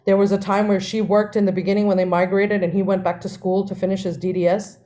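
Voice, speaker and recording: A woman, co-hosting a podcast and telling family stories in a lively way, often laughing. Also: medium pitch, fast. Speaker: podcast co-host. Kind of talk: casual storytelling.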